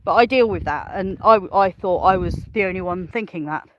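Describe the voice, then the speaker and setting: A woman's voice: lowish voice, brisk. Woman, casual live-stream chat, outdoors with lambs and goats, faint background noise, muffled audio. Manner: chatty, rambling, coos at animals. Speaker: smallholder vlogger. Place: outdoors on a farm among sheep and goats.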